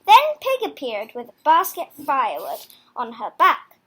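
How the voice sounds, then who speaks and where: A woman reading a children's picture book aloud in a slow, expressive way. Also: high-pitched. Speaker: storybook reader.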